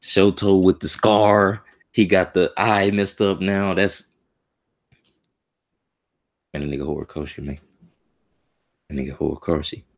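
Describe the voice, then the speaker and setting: A man's voice: low-pitched, steady tone, a little slow, pauses often. A man streaming a live reaction to a comic chapter. He talks casually and emotionally in slang, muttering to himself as he reads.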